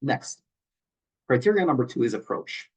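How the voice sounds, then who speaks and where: A man's voice: medium pitch, very animated, normal speed. A man who is a personal trainer, reading emails aloud and picking them apart in a skeptical, pointed way, often restarting on repeated words. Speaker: personal trainer and channel host.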